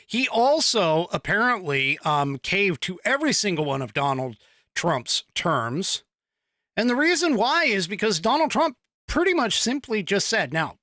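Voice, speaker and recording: A man hosts a political podcast, talking in an animated, mocking way and laughing at his own jokes. His voice sits fairly high, with a lively, swinging pitch and a bright, forceful edge. The recording is dry and close. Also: dry recording. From United States. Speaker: podcast host. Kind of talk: opinionated political commentary.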